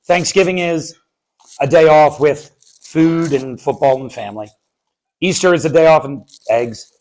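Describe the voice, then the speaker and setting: A man in his thirties performs a live story on stage, wry and animated. His voice sits a little high for a man, and he tells the tale with comic timing. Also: a little slow, low-quality recording. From United States. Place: on stage before an audience.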